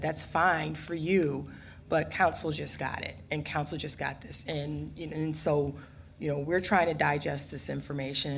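Low gravelly councilwoman, halting. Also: a little hiss or hum. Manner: halting, repeats herself, many fillers. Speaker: city councilwoman. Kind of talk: public meeting remarks.

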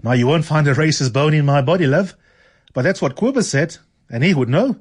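A man's voice: fairly high pitch, expressive, fairly quick, husky, voice pushed up. A man reading aloud, voicing a chatty middle-aged Irish landlady with a blunt, gossipy manner and a shaky attempt at an Irish lilt. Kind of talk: reading a novel aloud on radio.

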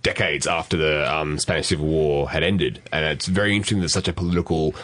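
Deep-voiced man musing. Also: fairly even intonation, fast, a bit bright. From Australia. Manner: thoughtful, muses aloud with many likes. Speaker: podcast co-host. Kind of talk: casual chat.

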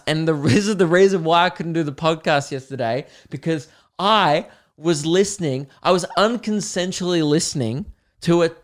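A man with an Australian accent hosting a casual solo podcast, rambling and swearing as he tells a story. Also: a little high. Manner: rambling, swears, sings song snippets. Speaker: podcast host.

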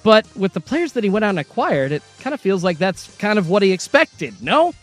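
A man's voice: high voice, sing-song, fairly quick, faint music behind. A man co-hosting a casual sports talk show, venting in a frustrated, ranting way. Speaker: co-host.

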